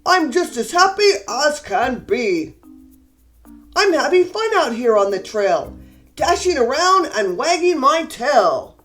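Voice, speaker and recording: A woman voicing a cheerful, misunderstood male dog who talks in a gruff, growling way. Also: sits high, sing-song, slow, fairly bright tone, soft background music, pitched below the performer's own voice, exaggerated voice.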